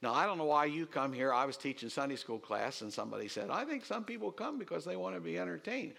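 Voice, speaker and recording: A man preaching a sermon to his congregation, repeating key lines for emphasis. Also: creaky. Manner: animated preaching, swooping pitch, quick asides. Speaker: pastor.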